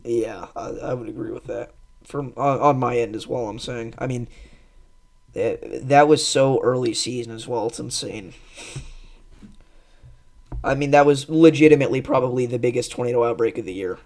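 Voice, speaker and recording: A man's voice: medium pitch, moderate pace, gravelly, darkish tone. A young man hosting a weather livestream, chatting casually, rambling and thanking viewers. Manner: rambling, thankful, laughs with co-hosts.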